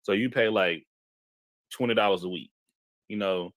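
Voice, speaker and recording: A man, telling a personal story in casual talk, animated and repeating himself as he goes. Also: fairly low pitch, moderate pace, dry recording. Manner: animated, repeats himself, jumps into quoted voices. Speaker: podcast host telling a story.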